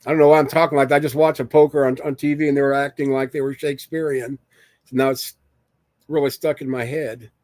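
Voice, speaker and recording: A man's voice: mid-range voice, little pitch movement, fast talker, a little mellow, dry recording. A man casually chatting with viewers on a live stream, rambling and joking as he reads the chat aloud.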